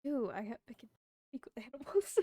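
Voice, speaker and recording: A woman playing a tabletop game, talking in a playful, excitable, giggly way into a home microphone. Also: high voice, a little fast. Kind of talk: casual tabletop role-play.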